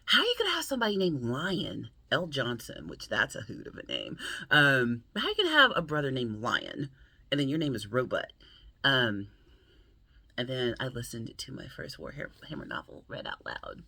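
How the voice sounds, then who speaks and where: A woman's voice: very deep voice, wildly swooping pitch, moderate pace, vocal fry, pushed and bright, slightly rough, no room sound. An American woman hosting her book channel, chatting playfully and laughing often. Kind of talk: casual vlog chat.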